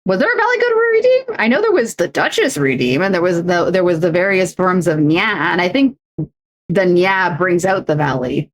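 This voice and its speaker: A woman's voice: on the low side, animated, normal speed. A young adult woman streamer in casual chat, talking in loose runs full of fillers and restarts. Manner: chatty, many fillers and restarts. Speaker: streamer and co-host.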